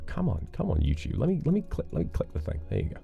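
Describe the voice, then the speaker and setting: A man's voice: on the low side, fast, vocal fry, dull audio, soft background music. A man hosting a livestream, chatting casually and playfully with viewers and thanking them for donations. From United Kingdom. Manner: relaxed, playful, chatty with dramatic flourishes. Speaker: livestream host reading donations. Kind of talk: casual chat.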